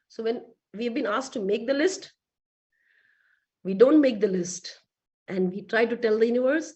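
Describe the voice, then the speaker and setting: A woman giving a lively motivational talk to a business team, asking rhetorical questions. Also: fairly high pitch, moderate pace. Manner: lively, acts out quoted voices, rhetorical questions. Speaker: motivational speaker.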